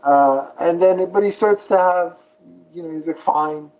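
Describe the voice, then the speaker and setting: A man's voice: high voice, normal speed, rough recording. Rambling podcast co-host man. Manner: rambling animated retelling. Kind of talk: casual chat.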